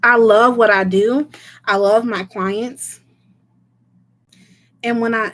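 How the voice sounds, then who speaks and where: A woman with a fairly high voice hosts a casual tarot livestream. She chats freely, laughs often and answers her viewers one by one. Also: fairly even intonation, slow pace, long pauses, fairly bright tone.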